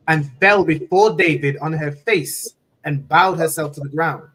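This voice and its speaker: A man in a scripture class reading verses aloud slowly and carefully. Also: fairly high pitch, a bit bright, low-quality recording. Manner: slow, careful reading with "come on" prompts.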